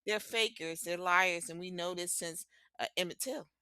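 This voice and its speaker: A woman's voice: on the low side, normal speed, bright, forceful tone, smooth, no room sound. A woman co-hosting a podcast, talking in a blunt, emphatic way and swearing freely. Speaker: podcast co-host. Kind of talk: casual opinionated chat.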